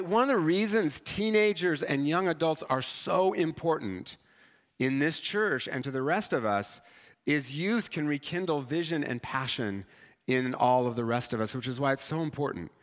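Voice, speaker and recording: A man preaching a sermon as pastor, talking in a conversational, animated and self-mocking way. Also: medium pitch, moderate pace. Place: church sanctuary. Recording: church hall reverb.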